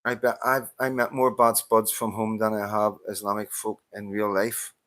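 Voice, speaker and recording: A vlogger with a Northern Irish accent answers a viewer's comment in a heated, casual monologue to camera, swearing often and stumbling through repeated restarts. His lowish, slightly bright voice has little pitch movement and a moderate pace, recorded with no echo.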